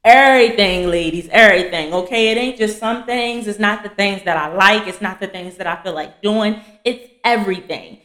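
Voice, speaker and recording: A blunt young woman talks casually and chattily as she teaches scripture on her podcast. Her voice sits at a middle pitch and sounds a little roomy, recorded in an echoey space. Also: normal speed, few pauses, a bit bright. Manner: chatty and blunt, addresses listeners as y'all. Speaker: podcast host and fiancée coach. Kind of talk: casual faith teaching to women. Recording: echoey room.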